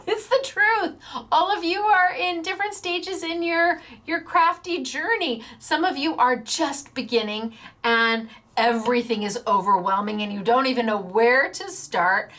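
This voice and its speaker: Her voice sits high and a bit bright, and she speaks a little slowly. Hosting a paper-crafting livestream, this woman chats in a bubbly way, laughs a lot, and plays out small quotes.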